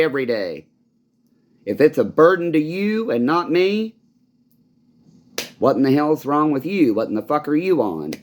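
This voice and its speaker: Man, vlog monologue, bitter and profane, rambling, mid-pitched voice. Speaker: vlogger. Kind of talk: angry personal monologue.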